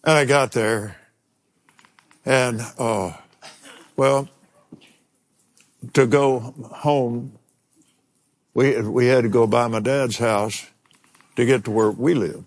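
An older man preaching a sermon, telling a personal story in an animated way and chuckling now and then. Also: medium pitch, slow, pauses often.

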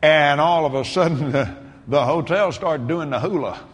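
Male preacher, animated storyteller, faint room ambience behind him. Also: on the high side, normal speed, big-room sound, background noise. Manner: animated, breaks into shouts and laughter. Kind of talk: sermon storytelling.

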